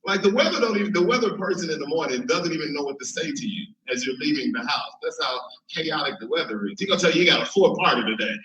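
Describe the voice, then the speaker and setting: Animated stand-up comic man, bright. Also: fairly high pitch, fast, hardly any pauses, a little hiss or hum. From Chicago. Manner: animated, laughing at his own jokes. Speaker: stand-up comedian. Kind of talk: stand-up comedy. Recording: roomy, from far mic.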